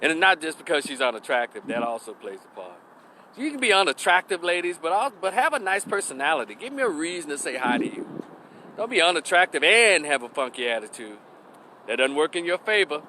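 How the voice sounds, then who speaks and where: A man telling a story on his YouTube channel in a rambling, profane, animated way. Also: on the high side, fairly quick, a little hiss or hum. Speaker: YouTube creator. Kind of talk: storytime vlog.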